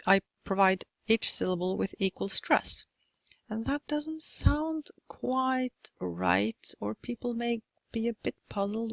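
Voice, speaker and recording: A woman giving a university lecture on English pronunciation, slow and deliberate as she demonstrates stress and rhythm. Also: mid-range voice, a bit bright, no room sound, poor audio.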